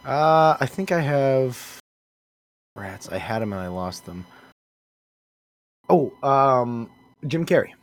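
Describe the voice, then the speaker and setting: A man's voice: medium pitch, expressive, slow pace, pauses often. A man joining a casual podcast chat, speaking in a hesitant, thoughtful way.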